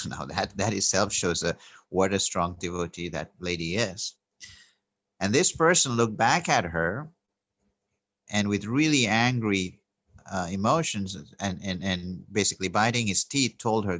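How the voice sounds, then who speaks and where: A man giving an earnest, unhurried spiritual talk, telling a story and pausing on fillers and restarts. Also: fairly low pitch, lively intonation, a bit bright, no echo. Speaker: spiritual teacher. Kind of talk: spoken spiritual teaching with storytelling.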